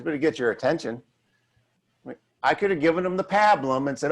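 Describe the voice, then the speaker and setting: A man's voice: on the high side, fast talker. A man who is a financial advisor, talking bluntly and emphatically in a casual chat with colleagues. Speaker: financial advisor, firm head. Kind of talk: casual office-hours chat.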